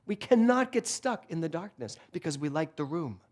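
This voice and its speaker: Animated joking male minister. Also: fairly high pitch, fairly quick, few pauses. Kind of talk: sermon with humorous stories. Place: church sanctuary before a congregation.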